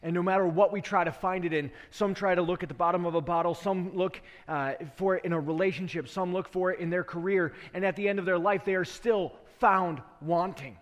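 A man's voice: high-pitched, fairly quick, few pauses, in a large hall. A male preacher delivering an earnest sermon that tells a story and asks rhetorical questions, in a church.

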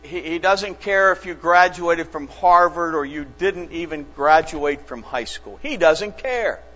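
A male pastor preaches in a slow, earnest voice, pitched a little high. He lets his stories unfold with long dramatic pauses. The recording is dull and lo-fi, with a long church reverb and a faint mains hum. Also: fairly even intonation, bright, forceful tone. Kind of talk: sermon. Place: church sanctuary.

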